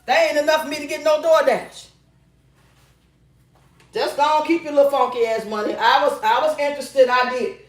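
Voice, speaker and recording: A woman's voice: high-pitched, fairly even intonation, normal speed, pauses often. A middle-aged woman hosting a casual advice show, reading viewer comments and telling stories bluntly and profanely, often laughing. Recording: roomy echo.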